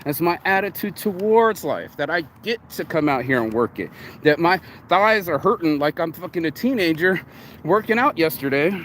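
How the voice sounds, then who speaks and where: A man's voice: a little high, moderate pace, a little hiss or hum. Rambling, swearing man outdoors. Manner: rambling, animated, swears freely. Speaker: vlogger. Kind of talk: casual motivational monologue. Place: outdoors in a yard.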